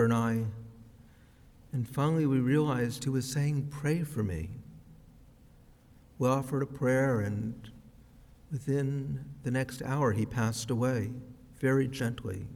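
A man preaching a sermon as a rabbi, with a slow, measured, reflective delivery. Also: mid-range voice, steady tone, a little mellow. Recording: long reverb of a large hall.

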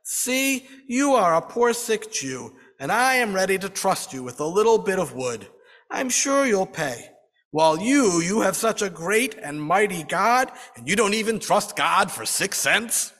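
A man's voice: sits high, sing-song, unhurried, fairly bright tone, voice pushed up, exaggerated voice. A man voicing a rabbi disguised as a peasant woodseller, kindly scolding, heard in a reverberant hall. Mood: coaxing.

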